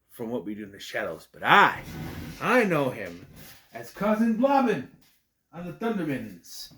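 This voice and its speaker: Rambling young man reviewing a movie. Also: a little high. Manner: rambling, self-correcting, animated. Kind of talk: casual spoken film review.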